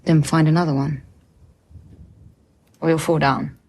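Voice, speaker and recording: Blunt young woman in a tv drama, low gravelly voice, talks real slow. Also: faint music behind. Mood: steady, coaching. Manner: blunt, coaxing, slow and steady. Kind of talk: TV drama acting.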